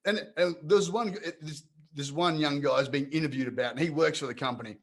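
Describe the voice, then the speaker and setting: A man co-hosting a casual podcast chat, animated, stumbling over his words and repeating himself as he rants. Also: a little high, a little fast. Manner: animated, repeats words, mocks others in put-on voices. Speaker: podcast co-host.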